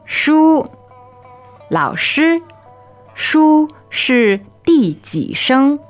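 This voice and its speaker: Woman co-host, Chinese native, slow careful phrases, faint music. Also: high-pitched, very animated. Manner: slow, careful model pronunciation. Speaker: podcast co-host. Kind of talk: language lesson podcast.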